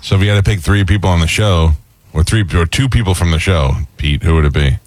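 A man's voice: low-pitched, fast talker, no room sound. A man hosting a radio talk show, bantering casually in a wry, playfully exasperated way.

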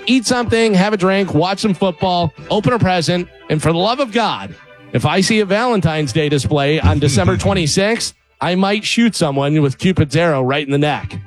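A man's voice: sits high, lively intonation, moderate pace, soft background music. A man doing a sarcastic comedic rant on a radio show, then chatting casually with co-hosts. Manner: sarcastic, punchy delivery. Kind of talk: comedic open-letter monologue, then casual banter.

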